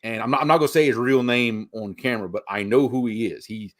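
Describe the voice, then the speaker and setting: A middle-aged man with a softened Cajun accent from south Louisiana. He co-hosts a laid-back chat, spinning stories with lively asides at an ordinary pitch. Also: quick pace. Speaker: co-host. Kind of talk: casual chat.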